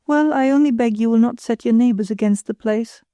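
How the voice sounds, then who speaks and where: A woman's voice: on the high side, fairly quick, dark tone, no room sound, clean studio sound, natural voice. A woman reading the part of a pretentious, self-satisfied married woman who chatters condescendingly. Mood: patronizing.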